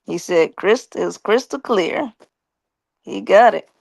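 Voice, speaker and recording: A woman's voice: mid-range voice, expressive, measured pace, vocal fry, a little mellow, no echo. A woman hosting a casual live stream, reading viewer comments aloud in a playful, teasing way and laughing often.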